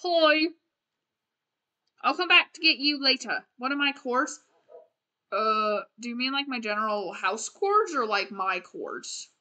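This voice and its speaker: Young female streamer, bright higher voice, rambling playful game chatter. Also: expressive, measured pace. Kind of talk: casual gameplay commentary.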